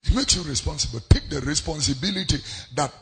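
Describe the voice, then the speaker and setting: A man with a Ghanaian accent preaching a sermon, repeating his phrases and breaking into sudden shouts. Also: on the high side, expressive, fast, gravelly, husky. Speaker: pastor.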